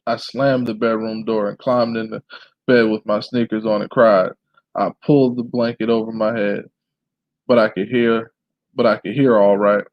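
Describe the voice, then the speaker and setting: A man reading a memoir aloud in a plain, steady way, now and then clearing his throat. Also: mid-range voice, moderate pace, pauses often, dry recording, lo-fi sound. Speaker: reader.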